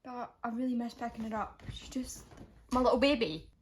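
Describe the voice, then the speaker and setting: Woman, young, casual vlog chat, rambling, slightly high voice. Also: steady tone, fast talker, noisy background. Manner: chatty, rambling, with frequent restarts. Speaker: vlogger.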